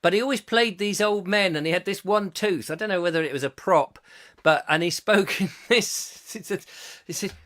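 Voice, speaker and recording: English male host, bright higher voice, rambling jokey chat. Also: normal speed. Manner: rambling, jokey, reads viewer comments aloud. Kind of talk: casual live-stream chat.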